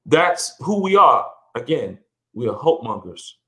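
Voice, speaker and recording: A man's voice: mid-range voice, very animated, takes it slowly, bright, forceful tone. A middle-aged man speaking earnestly as a podcast guest, often repeating and restarting words, his voice rising when he stresses a point. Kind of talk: reflective conversational interview.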